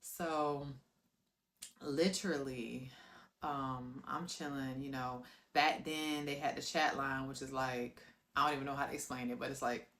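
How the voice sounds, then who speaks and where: A woman from South Florida telling her own life story, animated and direct with viewers, acting out scenes with sound effects. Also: very deep voice, a little slow. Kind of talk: personal storytelling to camera.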